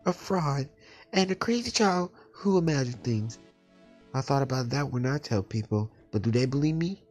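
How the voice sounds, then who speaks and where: A man voicing a frightened, defensive teenage girl in a spoken storybook, talking in a high, shaky, pleading way. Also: natural voice.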